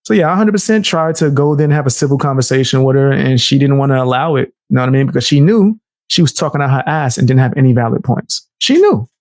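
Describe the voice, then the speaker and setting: A man's voice: medium pitch, fast, a little mellow, no echo, studio quality. A young man streaming live, talking through clips in a blunt, heated way, laughing and swearing. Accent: New York. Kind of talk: casual live-stream commentary.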